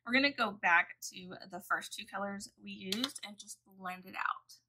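A woman's voice: mid-range voice, moderate pace, background noise. A woman vlogger talking through a makeup tutorial at home, chatty and profane as she tells a story. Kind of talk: casual makeup tutorial chat.

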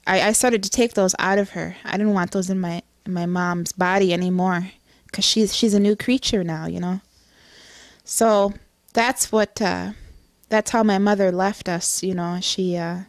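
A middle-aged woman giving an earnest personal testimony, halting, with many restarts and fillers. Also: mid-range voice, no room sound, studio quality. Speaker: testimony speaker.

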